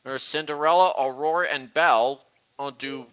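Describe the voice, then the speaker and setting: A man's voice: mid-range voice, fairly even intonation, moderate pace, a bit bright, clear, resonant tone, highs cut off. A young man hosting a casual voice-chat stream, rambling and often restarting his sentences. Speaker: stream host.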